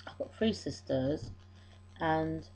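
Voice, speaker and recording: A woman's voice: sits low, lively intonation, slow, darkish tone, low-quality recording. A middle-aged woman, tearful, rambling and apologetic as she talks through her day in a home diary vlog. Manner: rambling, apologetic, self-deprecating. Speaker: vlogger.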